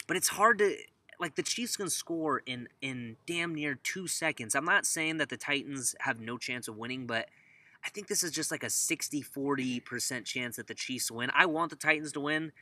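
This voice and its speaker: A man hosting a casual sports talk show, rambling and animated, addressing the audience directly. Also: fairly high pitch, no echo. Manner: animated, rambling, addresses listeners as ladies and gentlemen. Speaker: podcast host.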